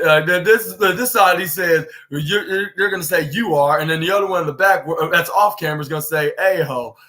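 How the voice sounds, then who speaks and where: High, bright-voiced man recapping wrestling. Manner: rambling play-by-play retelling. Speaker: podcast host. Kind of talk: casual wrestling show recap.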